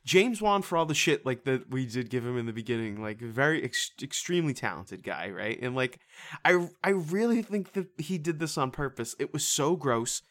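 A podcast co-host reviewing a horror movie in casual chat, animated, swearing and laughing often, with many fillers. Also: mid-range voice, normal speed.

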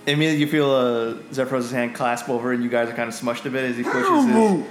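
Halting male game master in an echoey room. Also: mid-range voice, sing-song. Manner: halting, lots of fillers and self-corrections. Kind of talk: narrating a tabletop game. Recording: echoey room, faint music.

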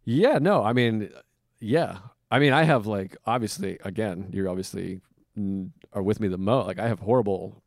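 A male podcast host talking casually from a hotel room. He slips into other people's voices with sudden leaps upward. The sound is close and dry, with no room echo. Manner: animated, acts out quoted people with big jumps in pitch. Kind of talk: casual chat.

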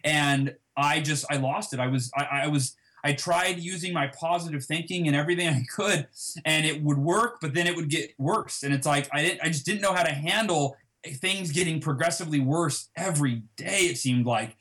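A man telling a personal story as an interview guest, acting out past conversations with lively emphasis. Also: on the high side, normal speed. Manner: animated, reenacts dialogue with emphasis.

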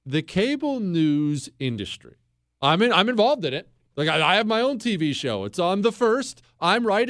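A man's voice: fairly high pitch, dry recording, studio quality. A male talk show host delivering a fiery, opinionated monologue, hammering his points and repeating phrases for punch.

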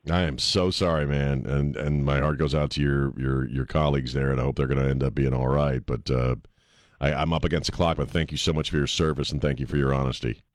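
A man's voice: very deep voice, fairly even intonation, fairly quick, no room sound. A man hosting a talk radio show, ranting emphatically and laughing with his co-hosts. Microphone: studio mic.

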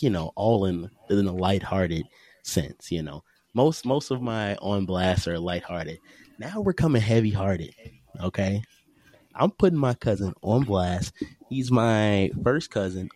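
A man's voice: low voice, darkish tone, dry recording. A man co-hosting a casual podcast over a call, a slangy, swearing storyteller who acts out what others said. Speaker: podcast co-host. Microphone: remote call mic.

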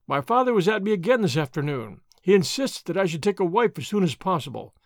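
A man's voice: high voice, sing-song, no echo, studio quality. Don Diego, a man reading a languid ironic nobleman. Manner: drawling, mildly mocking, unhurried. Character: gentle, languid young nobleman, lazy and ironic. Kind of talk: audiobook character reading.

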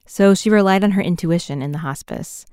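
Woman doing scripted documentary narration, smooth and low, dry close sound. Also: no room sound. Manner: measured, even storytelling.

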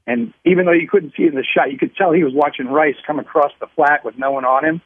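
A man calling into a sports radio show, talking football hesitantly with many pauses and restarts. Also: fairly high pitch, husky. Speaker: caller. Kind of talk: phone-in caller talking football. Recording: tinny phone line.

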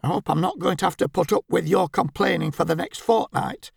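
A man's voice: high voice, fairly quick, gravelly, slightly rough, no room sound, clean studio sound, exaggerated voice. A man voicing a bossy, fussy middle-aged wife who scolds in a prim, censorious way. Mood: scolding.

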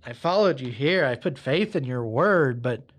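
A man's voice: mid-range voice, expressive, moderate pace, lightly acted. A man voicing a confused, nervous believer who pleads with hesitant, stammering restarts. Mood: pleading. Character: confused, nervous, faithful man gambling on a prayer.

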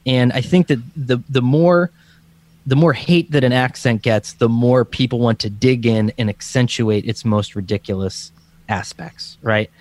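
A man's voice: medium pitch, a little slow, darkish tone. A man from the Scranton area of Pennsylvania, co-hosting a podcast in a rambling, casual way with many restarts. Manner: rambling, full of restarts and fillers. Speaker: podcast co-host.

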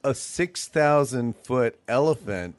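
A man's voice: medium pitch, animated, slow, dry recording. Joking man on a podcast, dry mic. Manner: joking, riffing on old TV. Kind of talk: casual comedic chat.

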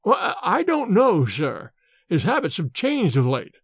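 A fretful old servant, put on by a man reading a storybook aloud, his voice pitched high and swinging with worry. He speaks deferentially with rough country grammar, and the recording is dry and close. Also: wildly swooping pitch, a little slow, no room sound, heavily acted. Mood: worried. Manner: anxious, deferential, rustic grammar. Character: little wrinkled old male manservant, fretful and deferential.

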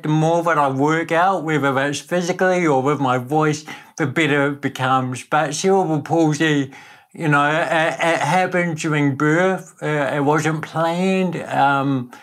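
A man's voice: on the high side, fairly even intonation, measured pace, fairly bright tone. A man from New Zealand with a New Zealand accent and a slightly shaky voice, chatting upbeat as a podcast guest and laughing easily. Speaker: podcast guest, motivational speaker. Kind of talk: casual interview chat.

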